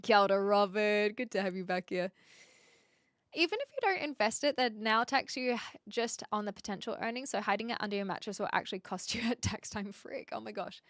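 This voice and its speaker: Bright, upbeat British-accented woman. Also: medium pitch, animated, fairly quick, no echo, clean studio sound. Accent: British with a slight Australian twang. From New Zealand. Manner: chatty, laughs often, reads chat messages aloud. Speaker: streamer. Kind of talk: casual chat reading viewer comments.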